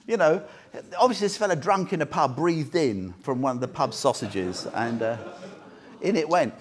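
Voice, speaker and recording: Lively, jokey male dharma teacher. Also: fairly high pitch, fairly quick. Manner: chatty, jokey, asks the group questions. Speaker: Buddhist teacher. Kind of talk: informal dharma talk to a small group. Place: meditation centre room.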